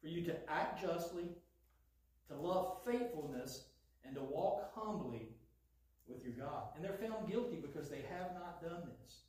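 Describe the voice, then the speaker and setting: A man preaching a sermon in an animated way, taking on a sarcastic edge when he voices God's lines. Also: fairly high pitch, measured pace. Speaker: pastor. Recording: echoey hall, voice from far off.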